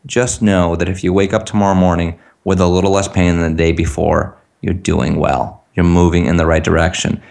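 Guy with a real low voice coaching folks on a call, earnest, says the lines for you to repeat. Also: fairly even intonation, fairly quick, vocal fry, few pauses, darkish tone. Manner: earnest, coaching, acts out example phrases. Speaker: tapping practitioner, guest on a call. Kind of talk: teaching talk on a call.

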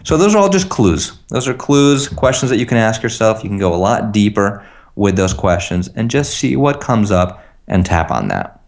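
A man with a very low voice coaches listeners on a call. He talks earnestly and acts out the sentences they could repeat. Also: very animated, normal speed, gravelly, hardly any pauses. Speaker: tapping practitioner, guest on a call. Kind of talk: teaching talk on a call.

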